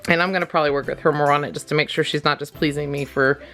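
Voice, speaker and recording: A woman with a fairly low voice walks through a dog-training lesson in a casual vlog, chatty and quick to laugh. She coos praise at her dogs between explanations, with soft music faintly underneath. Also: steady tone.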